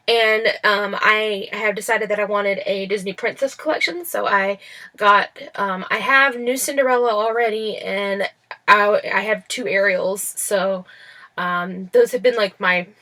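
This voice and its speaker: Bright-voiced chatty young woman. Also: mid-range voice. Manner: rambling, chatty, with many fillers and restarts. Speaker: vlogger showing a toy haul. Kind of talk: casual chat. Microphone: laptop built-in mic.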